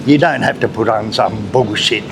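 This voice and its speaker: A man's voice: fairly low pitch, moderate pace. A man with an Australian accent, talking casually and bluntly as he walks city back streets for a travel vlog, swearing now and then. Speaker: travel vlogger. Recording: loud street traffic and motorbikes behind. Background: traffic and motorbikes.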